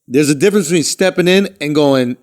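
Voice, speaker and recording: A man co-hosting a comedy podcast, telling loud, animated stories and swearing freely. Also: on the high side, quick pace. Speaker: podcast co-host. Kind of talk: casual comedic banter. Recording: studio podcast mic.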